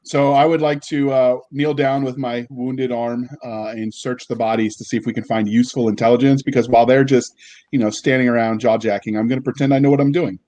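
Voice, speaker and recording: A man's voice: mid-range voice, steady tone, a little fast, warm tone, no echo. A man playing a tabletop game, dropping wry, joking asides. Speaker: player. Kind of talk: casual tabletop play.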